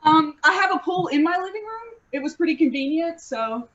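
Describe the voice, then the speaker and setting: A woman's voice: extremely high pitch, animated, brisk, fairly bright tone, muffled recording. A woman playing in a live improv comedy game, playful and bubbly. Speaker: improv player.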